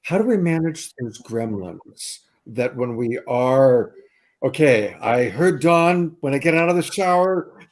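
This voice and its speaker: A man's voice: medium pitch, expressive, a little slow. A male show host asking questions in a chatty, complimentary way. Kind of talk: conversational interview.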